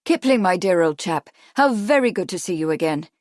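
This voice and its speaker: A woman voicing a cordial, well-bred gentleman greeting an old friend. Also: sits high, expressive, a little fast, no room sound, clean studio sound.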